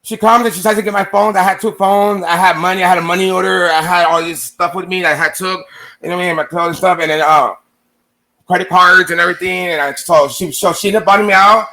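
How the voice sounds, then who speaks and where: A man's voice: sits high, fairly even intonation, fast talker, bright, forceful tone. A man casually telling a long personal story to his viewers, rambling and swearing, acting out what others said to him. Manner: rambling, profane, acts out quoted exchanges.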